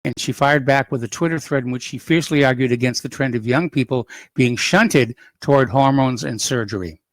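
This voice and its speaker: A man hosting a call-in radio show, reading news items and adding opinionated asides in an unhurried, conversational way. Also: medium pitch, no echo. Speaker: radio talk show host.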